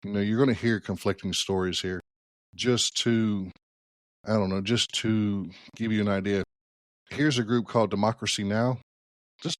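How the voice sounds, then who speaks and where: A man's voice: lowish voice, dry recording, clean studio sound. A man hosting a solo political podcast, talking conversationally and thinking aloud with hedges and restarts. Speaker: podcast host.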